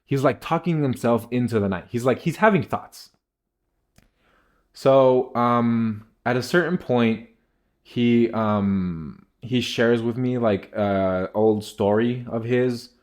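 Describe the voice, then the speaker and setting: A man's voice: mid-range voice, slow, a little mellow. A young man telling a rambling casual story, packed with filler words.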